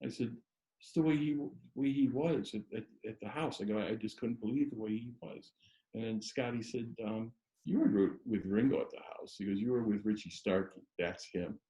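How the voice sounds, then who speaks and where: A man's voice: mid-range voice, moderate pace, dark tone, echoey room, poor audio. A man telling stories as a guest on a chat show, rambling with many restarts and fillers. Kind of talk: casual storytelling chat.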